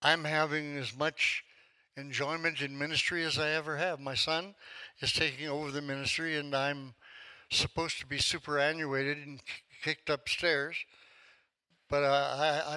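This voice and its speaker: A man's voice: fairly high pitch, level tone, moderate pace, bright, forceful tone, rough recording. A man of seventy-five preaching a sermon, telling a story and acting out the quotes with rising force. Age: 70s. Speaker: pastor.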